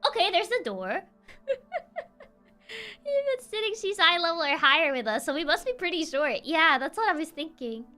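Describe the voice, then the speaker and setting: A woman's voice: very high voice, sing-song, normal speed, pushed and bright, faint music behind. A young woman streaming a story game, with playful, teasing commentary that is full of giggles and stumbling restarts. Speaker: gaming streamer.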